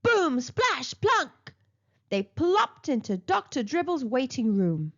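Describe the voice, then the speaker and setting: Playful woman storyteller reading a picture book, high-pitched and slow, dull recording. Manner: expressive, playful. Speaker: children's storyteller. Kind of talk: picture book read-aloud.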